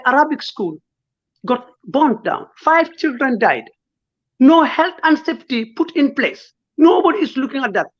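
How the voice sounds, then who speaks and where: A man, a lawyer speaking as an interview guest, emotional and pleading, firing off rhetorical questions. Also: very high voice. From Gambia. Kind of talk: impassioned interview talk. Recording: dull lo-fi sound.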